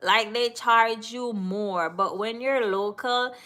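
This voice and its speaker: A woman with a Jamaican accent hosts a relaxed live stream, chatting loosely with viewers in the chat. Her voice sits a little high and sounds bright and crisp, and she talks slowly without hurrying. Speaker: livestream host.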